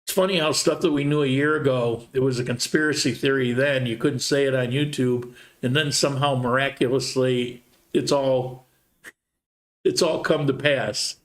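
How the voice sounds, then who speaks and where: A man in an unhurried live Q&A, chatting loosely and reading comments aloud. His voice sits at an ordinary middle pitch, and he drifts from point to point with restarts and fillers. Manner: relaxed, rambling, reads viewer comments aloud. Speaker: livestream host answering viewer questions. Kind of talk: casual live Q&A chat.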